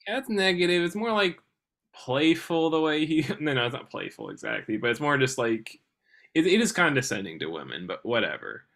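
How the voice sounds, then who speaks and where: A man's voice: on the high side, brisk, vocal fry. A man in a casual book discussion, talking with lots of hesitation and restarts, sometimes reading passages aloud. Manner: animated, hesitant, many restarts and fillers. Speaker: podcast co-host discussing a novel.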